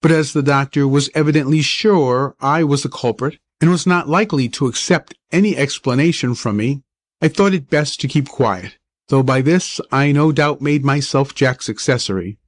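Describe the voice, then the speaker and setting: A man reading a story aloud in a measured, steady way. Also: medium pitch, dry recording. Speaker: narrator. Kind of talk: audiobook narration.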